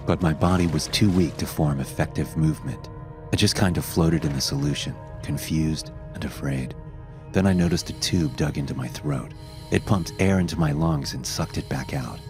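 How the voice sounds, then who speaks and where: A man narrates a horror story in a steady, measured manner. His voice is extremely deep, and soft music sits quietly underneath.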